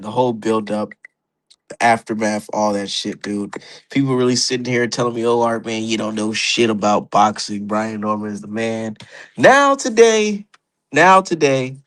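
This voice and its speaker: A man's voice: mid-range voice, fairly bright tone. A man hosting a casual boxing livestream, talking loosely and profanely and laughing at his own jokes. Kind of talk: casual live-stream commentary.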